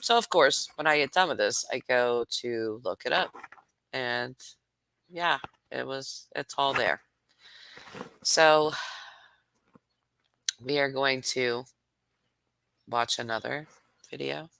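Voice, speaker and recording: A man's voice: medium pitch, takes it slowly, gravelly, pauses often, sharp tone, smooth, no echo. A man hosting a commentary show talks casually and rambles a little while near tears. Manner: tearful, rambling, self-deprecating. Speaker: host reacting to videos.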